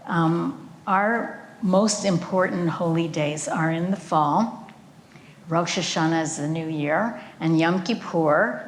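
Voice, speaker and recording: A woman's voice: sits low, slight background noise. Earnest older woman telling her story. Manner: earnest storytelling, unhurried, occasional fillers. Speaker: guest speaker, cellist. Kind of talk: remembrance talk with slides. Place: event venue.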